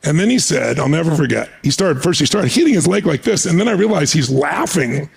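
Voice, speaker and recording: Gravelly, animated male storyteller. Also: on the high side, brisk. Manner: animated, gravelly, acts out the people in his story. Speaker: motivational speaker. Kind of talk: storytelling anecdote in conversation.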